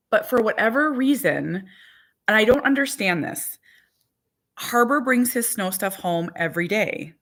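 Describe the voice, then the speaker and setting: Chatty mom livestreaming from home. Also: female voice, medium pitch, fairly bright tone. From Minnesota. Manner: chatty, rambling, talks to viewers and dog. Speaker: vlogger. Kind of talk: casual livestream chat. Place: home in winter.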